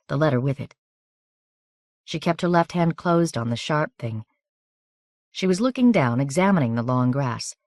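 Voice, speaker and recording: A woman's voice: low voice, a little mellow, dry recording, clean studio sound. Woman reading an audiobook evenly. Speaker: audiobook narrator. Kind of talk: scripted narration.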